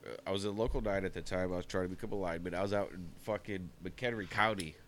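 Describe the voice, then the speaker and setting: A laid-back man joins the casual chat, self-deprecating as he talks. His voice sits very deep. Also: fairly even intonation, fast talker, a bit bright, slight background noise.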